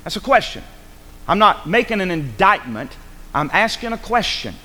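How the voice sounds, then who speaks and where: A man's voice: high-pitched, big pitch swings, moderate pace, pushed and bright, long reverb tail. A male pastor preaching a sermon in a church, urgent and rhetorical, pressing his listeners with repeated questions. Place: church sanctuary.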